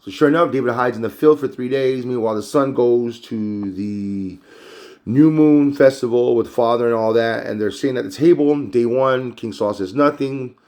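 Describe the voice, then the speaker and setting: A man's voice: medium pitch, moderate pace, a little mellow. Guy doing a laid back bible recap, slangy, preachy, conversational. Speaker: bible teacher. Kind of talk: casual bible chapter recap.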